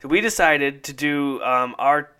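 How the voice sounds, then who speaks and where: Bright, upbeat male podcast host. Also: a little high, slow, smooth. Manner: laughs often, rambling with fillers. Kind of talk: casual podcast chat.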